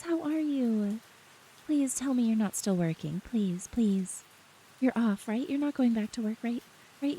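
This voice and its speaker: A woman streamer chatting softly and giggling often as she greets her chat, close to the mic with faint rain behind. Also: fairly high pitch, a little hiss or hum, low-quality recording. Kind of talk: soft-spoken live-stream chat. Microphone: close ASMR microphone.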